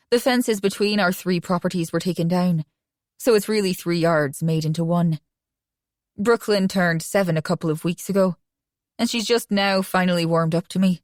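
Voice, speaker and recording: A woman reading a romance audiobook in first person with an even, conversational delivery. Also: on the low side, dry recording, studio quality. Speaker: audiobook narrator.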